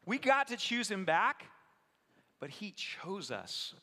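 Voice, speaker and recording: Bright-voiced man preaching in an echoing hall. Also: high voice, slow pace. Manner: animated, jokes with the congregation. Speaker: pastor. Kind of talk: sermon. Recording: long hall reverb.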